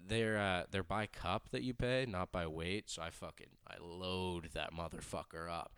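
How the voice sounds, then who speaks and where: A man's voice: low-pitched, steady tone, normal speed, a bit bright, smooth, no room sound. A young man co-hosting a casual podcast, telling crude stories with lots of swearing and acted-out voices. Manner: crude storytelling, swears a lot, acts out others' voices. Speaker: podcast co-host.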